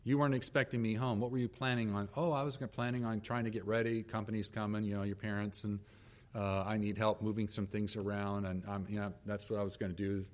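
A man's voice: lowish voice, little pitch movement, fast. A middle-aged male pastor preaching, telling a story about his wife and kids and acting out their lines of dialogue. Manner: storytelling, acts out quoted dialogue. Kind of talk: sermon with personal story.

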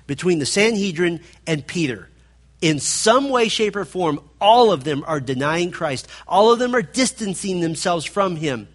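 A man preaching a sermon, swinging between loud emphatic passages and hushed, low stretches as he retells a scripture story. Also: slightly rough.

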